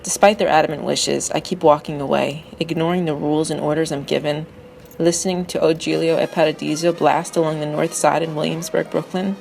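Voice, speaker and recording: A woman reading a personal narrative essay aloud in a wry, excitable storytelling manner. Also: deep voice, a little fast, gravelly, soft background music, low-quality recording.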